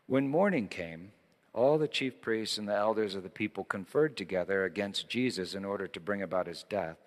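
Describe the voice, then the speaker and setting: A man preaching a sermon, reading scripture dramatically, rising loud and high in quoted lines and dropping to a hush in tender ones. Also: expressive, a little fast. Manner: dramatic scripture reading, swelling then hushed. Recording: long hall reverb.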